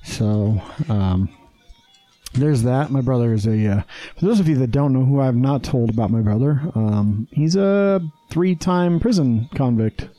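A man's voice: mid-range voice, a little slow, dark tone, soft background music. Rambling, swearing man host. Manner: swears freely, rambling with fillers. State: hyped on energy drinks. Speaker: podcast host. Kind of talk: casual chat.

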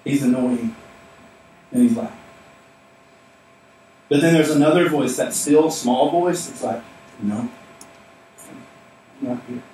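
A man preaches a sermon in a church, driving his points home through repetition. His voice sits at an ordinary pitch. It rings through a very reverberant room and sounds somewhat distant from the mic, with faint ambient noise behind him. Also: unhurried, pauses often, mellow. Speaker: pastor. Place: church sanctuary. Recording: echoey hall, mic at a distance.

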